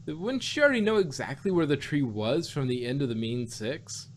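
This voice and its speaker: A man's voice: mid-range voice, animated, brisk, a little hiss or hum. Rambling man recapping an episode. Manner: rambling, many fillers and self-corrections. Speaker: podcast host reviewing cartoon episodes.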